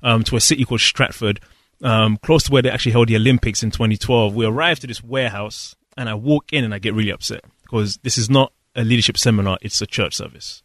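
A man tells a personal story in an interview. He speaks earnestly and reflectively, pausing and restarting as he searches for words. The sound is dry and close. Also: fairly low pitch, steady tone, fairly bright tone, dry recording. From London, England. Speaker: guest.

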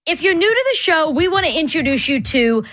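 A woman's voice: high voice, animated, a little fast, fairly bright tone, soft background music. A woman hosting a morning radio show, asking the caller question after question. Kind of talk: casual radio chat.

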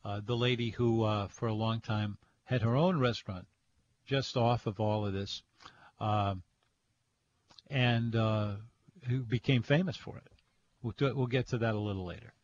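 Halting male radio host, slightly dull sound. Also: lowish voice, fairly even intonation. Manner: halting, full of restarts and fillers. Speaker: radio food show host. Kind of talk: radio talk show chat.

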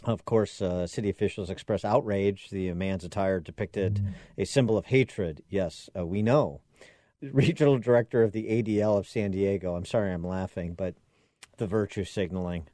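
A man's voice: on the low side, normal speed, warm tone, no room sound, studio quality. A man hosting a talk radio show, giving sarcastic commentary with mocking asides and frequent fillers. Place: radio studio.

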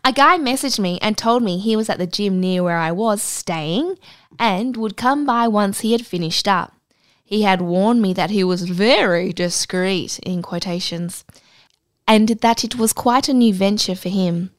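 Deadpan woman reading a story aloud. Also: medium pitch, a little slow, no echo. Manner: dry, deadpan delivery with blunt asides. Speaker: podcast co-host. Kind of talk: reading a listener story aloud, then casual chat.

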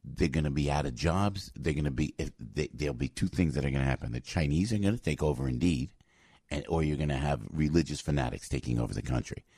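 Speaking quickly in a husky bass voice, an older morning radio host rambles through an animated, fired-up monologue packed with restarts and fillers. The studio-microphone recording is dry and studio quality.

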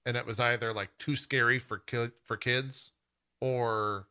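A man's voice: mid-range voice, fairly even intonation, measured pace, bright, forceful tone, smooth. A man hosting a podcast in loose, casual chat, full of fillers. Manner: loose and chatty, many "like" fillers. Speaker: podcast host.

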